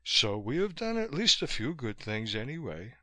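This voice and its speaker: A man's voice: medium pitch, very animated, normal speed, pushed and bright, no room sound. A man voicing a chatty, gushing former musical-comedy actress who calls everyone dear.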